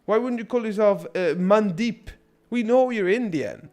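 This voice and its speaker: A man's voice: high-pitched, lively intonation, normal speed, darkish tone. Sarcastic, rambling male streamer. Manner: rambling, crude and sarcastic, many restarts. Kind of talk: casual gameplay commentary.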